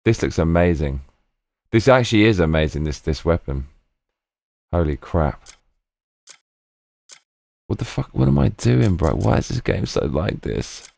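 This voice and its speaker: A man's voice: low-pitched, lively intonation, unhurried, creaky, pauses often, darkish tone, dry recording. A man streaming a game live, talking casually and muttering in exasperation as he plays. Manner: muttering, exasperated while playing.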